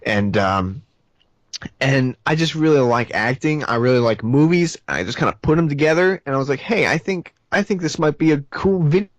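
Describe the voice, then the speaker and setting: A man talking as a guest in a casual interview, chatty and relaxed, telling stories with frequent restarts. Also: fairly high pitch, moderate pace, dry recording. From Nashville, Tennessee.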